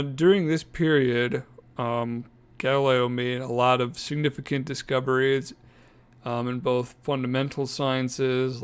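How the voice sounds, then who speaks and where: A man's voice: mid-range voice, smooth. A man co-hosting a podcast, reading from his notes in a casual, joking way and laughing mid-sentence. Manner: jokey, self-deprecating, laughs mid-sentence. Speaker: podcast co-host.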